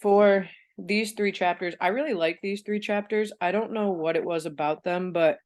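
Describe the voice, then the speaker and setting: A young woman with a congested, stuffy nose talks in a chatty, thinking-aloud way during a casual group discussion. Her voice is low yet smooth and clear despite the stuffiness. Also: steady tone, normal speed. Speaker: book club team member.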